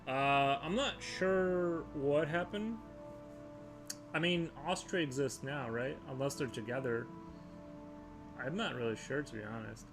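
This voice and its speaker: A man's voice: medium pitch, unhurried. Male streamer, casual rambling chat with viewers, music faint underneath. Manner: rambling, unsure, reading chat aloud. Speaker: livestream host. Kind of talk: casual chat while sketching.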